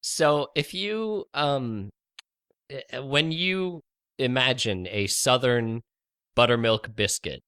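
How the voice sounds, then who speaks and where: A man's voice: mid-range voice, lively intonation, takes it slowly, fairly bright tone, smooth, no room sound, clean studio sound. An American man hosting a podcast in casual chat, joking and laughing often. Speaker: podcast host.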